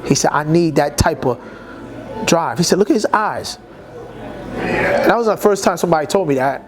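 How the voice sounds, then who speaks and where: A man's voice: on the high side, a little fast, soft background music. A man telling a story in a casual interview, acting out the dialogue in street slang. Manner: animated, acts out quoted dialogue in street slang.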